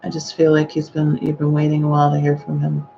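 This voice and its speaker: A woman giving a live-streamed psychic reading, speaking gently and hesitantly with frequent sighing exclamations. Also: deep voice, completely flat delivery, fast talker, vocal fry, highs cut off, slight background noise. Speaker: psychic medium.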